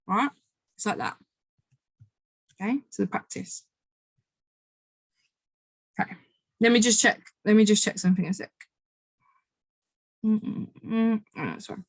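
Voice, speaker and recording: A woman's voice: mid-range voice, unhurried, long pauses, no echo. A woman in the middle of her range gives a motivational coaching talk, pressing each point through repetition and casual swearing. Her voice is close and dry, with no room around it. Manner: emphatic, repetitive, swears freely. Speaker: manifestation coach.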